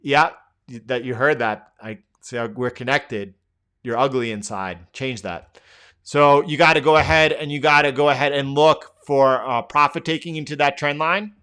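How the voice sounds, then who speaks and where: A man's voice: on the high side, steady tone, normal speed, bright, forceful tone, clear, resonant tone. A middle-aged man hosting a live trading stream, thinking aloud through chart commentary with lots of fillers and restarts.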